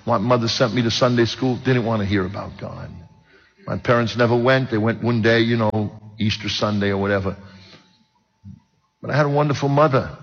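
A man's voice: lowish voice, a little fast, vocal fry, slightly rough. An older man, preaching a personal testimony and joking with the audience. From Brooklyn, New York. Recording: dull sound with long hall reverb.

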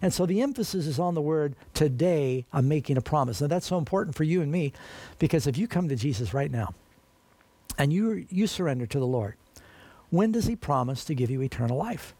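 A man's voice: fairly high pitch, animated, a little fast, warm tone, no echo. Earnest man preaching, dry close sound. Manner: earnest, emphatic, addresses listeners as friends. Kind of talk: sermon.

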